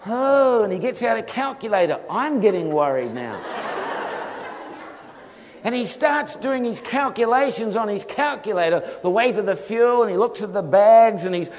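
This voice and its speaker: Male preacher, animated storyteller, slightly high voice, in a reverberant hall. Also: moderate pace, slight background noise. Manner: animated storyteller, acts out voices, laughs often.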